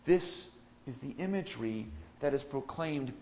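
A man's voice: mid-range voice, animated, normal speed, pauses often, lo-fi sound, a little hiss or hum. Preacher man with swelling, emphatic delivery. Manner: swings from soft musing to loud proclaiming. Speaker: pastor. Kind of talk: expository sermon.

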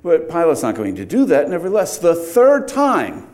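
A man's voice: on the high side, wildly swooping pitch, normal speed, hardly any pauses, darkish tone. A middle-aged man preaching a verse-by-verse sermon, explaining the text and rising to emphatic outbursts on key points.

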